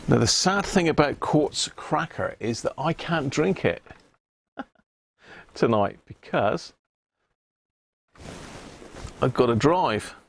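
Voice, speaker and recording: Hosting a casual livestream, a man chats with viewers and reads labels out loud with small chuckles. His mid-range voice is creaky with lively intonation, he speaks slowly with frequent pauses, and there's slight background noise.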